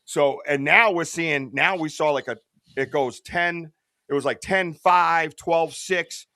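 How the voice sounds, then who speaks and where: A middle-aged man talks in a loose, rambling way, earnest and full of bro and dude. His voice sits a little high. The sound is dry and close, with no room around it. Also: takes it slowly, bright, forceful tone, dry recording. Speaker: podcast guest, Bigfoot researcher. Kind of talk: casual podcast chat.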